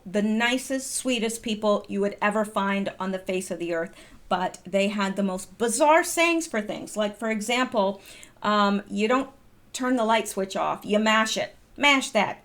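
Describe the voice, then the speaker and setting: A middle-aged woman from the United States hosting her own channel, reading posts aloud and chatting in a rambling way with lots of ums. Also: medium pitch. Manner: chatty, rambling, wanders off topic with filler ums. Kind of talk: casual commentary vlog.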